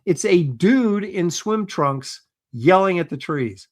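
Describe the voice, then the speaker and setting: A man with a slightly high-pitched voice hosts a loose, chatty livestream. He talks in an offhand, sarcastic way, poking holes in whatever he is shown and reading viewer comments out loud. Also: expressive, takes it slowly. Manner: sarcastic, skeptical, reads viewer comments aloud. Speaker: livestream host.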